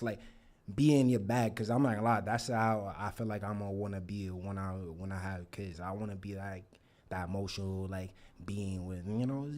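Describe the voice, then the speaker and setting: A man's voice: lowish voice, a little mellow. A young man at an open mic, talking loosely and casually in slang before he reads his poem. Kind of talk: casual stage banter. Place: live open mic in a community venue.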